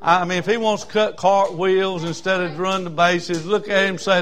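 A man, a preacher telling a folksy story in a sermon that builds from quiet asides to shouting. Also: sits high, fairly even intonation, moderate pace, hardly any pauses.

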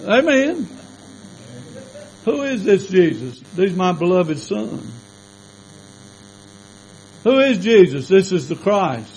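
High-voiced fervent preacher man. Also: sing-song, slow pace, pauses often, a little mellow, slight background noise, rough recording. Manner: fervent, rhetorical questions and calls of amen. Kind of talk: sermon.

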